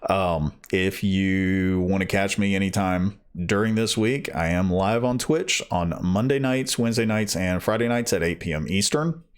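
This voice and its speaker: A man reading an audiobook, talking casually to listeners afterwards in a slow, rambling way that keeps correcting itself. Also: sits low, clear, resonant tone. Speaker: audiobook reader.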